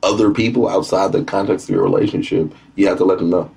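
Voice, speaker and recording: A man's voice: deep voice, steady tone, fast talker, creaky, mellow. A young adult man hosting a casual podcast, blunt and playful, laughing often. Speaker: podcast host. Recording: faint background noise.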